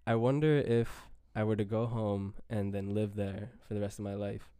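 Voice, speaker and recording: A young man from India with an American accent, talking casually and reflectively, with frequent pauses and fillers. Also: on the low side, steady tone, dark tone, clear, resonant tone, dry recording, studio quality. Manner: reflective and hesitant, with many fillers. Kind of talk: casual conversation.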